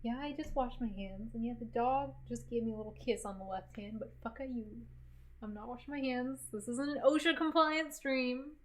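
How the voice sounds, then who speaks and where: A woman's voice: fairly high pitch, normal speed, poor audio. A woman streamer chatting casually while cooking in her home kitchen. She swears bluntly and gives her dog clipped commands.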